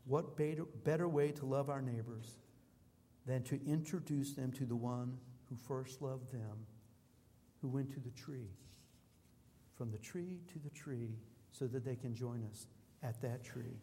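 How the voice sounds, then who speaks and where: A man's voice: mid-range voice, measured pace, warm tone, slight background noise. A man preaching a sermon as a pastor, emphatic and declamatory, building through rhythmic repetitions. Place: church sanctuary. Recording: long reverb of a large hall.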